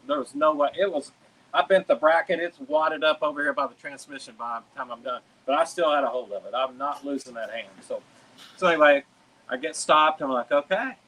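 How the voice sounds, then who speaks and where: Bright-voiced racing driver, animated storyteller. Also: male voice, fairly high pitch, poor audio. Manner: animated, swears casually, acts out shouted quotes. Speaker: drag racing driver, guest. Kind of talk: casual storytelling.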